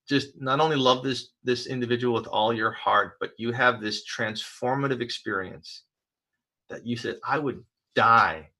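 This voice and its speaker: Over a rough recording, a man with a mid-range voice preaches casually as a pastor, weaving in stories from his own life. His delivery is relaxed yet halting, packed with fillers and false starts.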